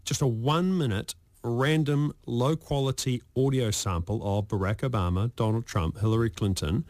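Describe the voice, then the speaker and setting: A man's voice: mid-range voice, normal speed, a little mellow, no room sound. A man hosting a radio talk show, joking and rambling with stammered restarts. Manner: jokey, rambling, stammers on repeats. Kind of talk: casual radio chat. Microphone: studio microphone.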